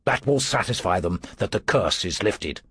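A man voicing a Roman dictator, calm and authoritative. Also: fairly low pitch, moderate pace, breathy edge, no echo, voice pushed down, full character voice. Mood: commanding. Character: cold, commanding male Roman dictator.

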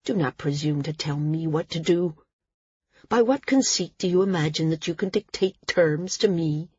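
A woman voicing a cruel, volatile male ruler who sneers and threatens, breathy and low. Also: normal speed, a little mellow, no echo, dull audio. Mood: menacing. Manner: menacing, sneering, prone to rage.

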